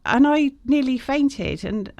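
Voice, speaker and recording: A woman's voice: high-pitched, lively intonation, takes it slowly, darkish tone, no echo, highs cut off. A woman guest talking frankly and casually in an interview, with lots of fillers and restarts. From England. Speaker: guest, shop owner.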